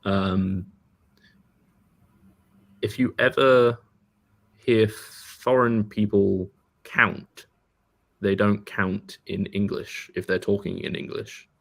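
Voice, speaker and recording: A man's voice: fairly low pitch, flat delivery, slow, gravelly, pauses often. A man co-hosting a podcast, telling stories casually with lots of "like" and "um". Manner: loose storytelling, many "like"s. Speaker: podcast co-host. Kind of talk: casual chat.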